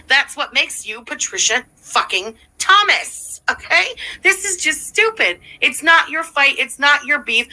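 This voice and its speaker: A woman's voice: high voice, pushed and bright, poor audio. A woman hosting a livestream, reacting to clips with blunt, profane sarcasm. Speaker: livestream commentary host.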